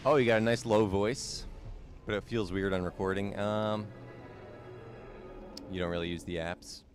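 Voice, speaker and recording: A young man with a low, deep voice talks casually while he plays a game on a live stream. He rambles, repeats lines and answers viewer comments as they come in. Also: fairly even intonation, moderate pace, soft background music. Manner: chatty, repeats himself, answers viewer chat.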